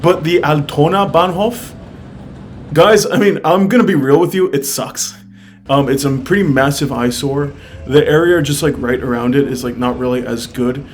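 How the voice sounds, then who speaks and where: A man's voice: on the high side, moderate pace, a little hiss or hum. A young man from the United States chatting casually in a travel vlog, candid and upbeat, full of fillers. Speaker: travel vlogger.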